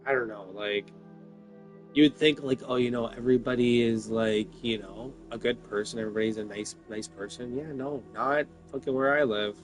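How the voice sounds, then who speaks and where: A man's voice: mid-range voice, fairly even intonation, normal speed, soft background music. A man, rambling about his life with lots of fillers and swearing when worked up. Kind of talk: rambling personal talk.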